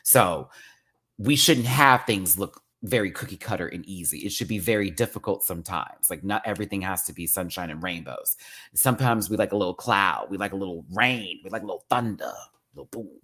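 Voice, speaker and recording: A man with a low voice talks through a casual rant review of a TV show. He is sassy and expressive and slips drag slang into every thought. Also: brisk, breathy edge.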